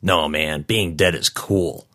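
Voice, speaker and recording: A man's voice: extremely low pitch, fairly even intonation, bright, forceful tone, full character voice. A man voicing a laid-back undead young man who talks in an easygoing drawl. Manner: easygoing, drawn-out "man" at line ends.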